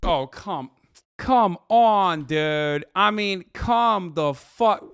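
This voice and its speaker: Brief: young male streamer, slightly high voice, sarcastic, profane reaction commentary. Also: animated, extremely slow, creaky, clear, resonant tone, no room sound, studio quality, soft background music. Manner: loud, mocking, profane, emphatic.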